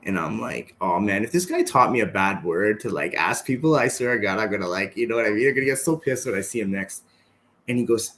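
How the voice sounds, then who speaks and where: A man's voice: lowish voice, quick pace, slight background noise. A man guest on a podcast, telling stories casually and acting out the other people's lines, with a habit of tagging "right?" onto his sentences. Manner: animated, acts out quoted dialogue, frequent "right?". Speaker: podcast guest, martial arts instructor. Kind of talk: casual storytelling.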